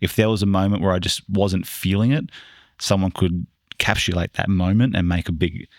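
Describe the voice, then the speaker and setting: A man's voice: sits low, fairly quick, dry recording, studio quality. A man hosting a podcast, chatting casually, agreeing often and swearing now and then. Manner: relaxed, lots of agreeing and laughing, swears casually. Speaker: podcast host. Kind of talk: casual chat.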